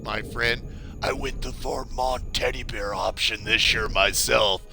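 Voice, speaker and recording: A man's voice: mid-range voice, fairly even intonation, measured pace, creaky, pushed and bright, faint music behind. A man from California chatting casually with viewers while playing through a game walkthrough on a live stream. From California, USA. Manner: chatty, rambling, greets viewers. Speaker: gameplay streamer.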